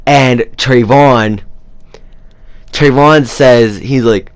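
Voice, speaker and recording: A man's voice: on the low side, measured pace. A young man telling a personal story in a casual, rambling way, with lots of fillers. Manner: rambling, animated retelling with many fillers. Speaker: vlogger.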